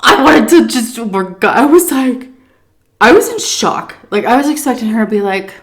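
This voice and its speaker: A woman vlogger in casual storytime chat, animated, laughing often and acting out what people said. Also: mid-range voice, normal speed. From United States.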